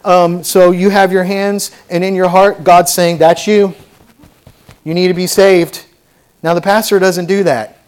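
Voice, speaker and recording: A man's voice: high voice, level tone, measured pace, darkish tone, clear, resonant tone. A man preaching a sermon as pastor to a church congregation, fervent and conversational with asides. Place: church sanctuary.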